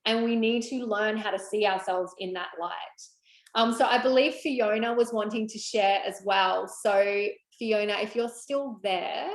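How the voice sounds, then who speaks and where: A woman's voice: mid-range voice, unhurried. Affirming woman coach in an echoey room. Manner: warm, affirming, spiritual phrasing. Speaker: coach hosting a group call. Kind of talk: encouraging coaching talk. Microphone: video call.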